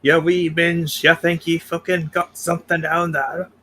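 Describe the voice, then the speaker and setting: A man doing a gruff mock-Scottish schemer. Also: on the high side, flat delivery, moderate pace, pushed and bright. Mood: conspiratorial.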